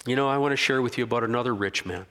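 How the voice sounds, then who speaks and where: A man's voice: mid-range voice, racing. A man preaching a sermon from a stage, telling a story and building to fervent peaks. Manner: storytelling, rising to fervent near-shouting peaks. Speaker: pastor. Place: stage before a congregation.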